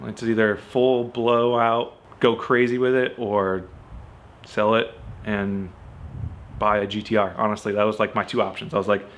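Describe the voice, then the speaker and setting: A man with a lowish voice tells a casual, chatty story about his car, with a faint hiss or hum in the background. He keeps dropping "like" and "you know" and animatedly acts out what people said to him.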